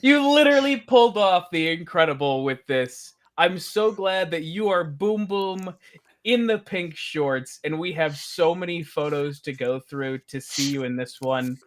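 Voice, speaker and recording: A man's voice: fairly high pitch, lively intonation, a little slow. A man presenting an award on a casual fan show, enthusiastic and playful. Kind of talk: casual chat.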